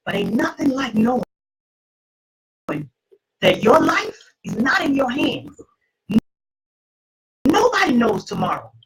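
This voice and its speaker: A middle-aged woman, host, telling her personal testimony to an audience in an emphatic, preacherly way, with a husky voice. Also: on the high side, huge pitch swings, slow pace, pauses often, poor audio.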